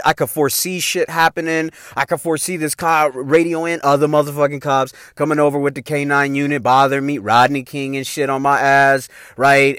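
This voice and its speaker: A middle-aged man spins a story in loose, cursing street slang, his pitch leaping high and dropping low as he acts out the scene. His voice sits a little above the usual male range. The recording is close and dry, with no room sound. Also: dry recording. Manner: profane, animated, slangy street talk. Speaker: podcast host telling a story. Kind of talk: casual storytelling monologue.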